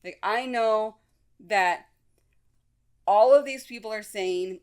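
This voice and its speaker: A woman's voice: mid-range voice, slow, pauses often, clean tone. A woman hosting her own podcast, talking frankly and casually, with many fillers and restarts. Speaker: podcast host; mother. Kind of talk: casual solo talk.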